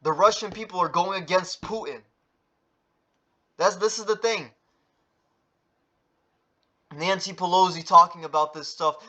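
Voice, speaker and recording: A man with a high, pushed, bright voice vlogs a casual news update at normal speed, pausing often as he reads headlines aloud. He rambles with plenty of fillers, swears and keeps asking "right?"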